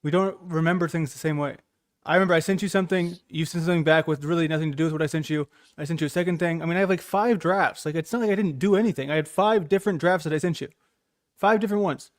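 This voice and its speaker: A man's voice: a little high, quick pace, dry recording, studio quality. A man co-hosting a podcast who defends himself in a heated argument, hesitating with fillers before pushing back.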